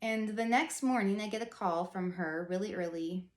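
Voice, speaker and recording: A woman's voice: medium pitch, normal speed. 30s woman vlogging about her faith, chatty and earnest, lots of "like", bit of room echo. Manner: chatty, rambling, heavy use of "like", earnest. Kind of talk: casual personal storytelling.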